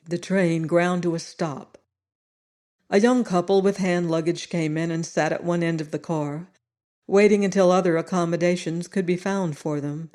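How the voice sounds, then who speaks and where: A woman reading a story aloud as an audiobook narrator, steady and unhurried. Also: on the low side.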